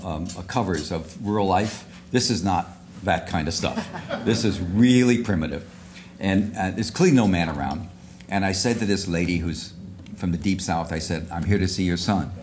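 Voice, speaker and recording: An older man with a notably deep voice tells a long, wandering anecdote to a luncheon crowd. He circles back, restarts phrases and drops asides as he talks. A faint background hum sits under his voice. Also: darkish tone. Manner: rambling storyteller with many restarts and asides. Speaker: award speaker. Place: luncheon hall.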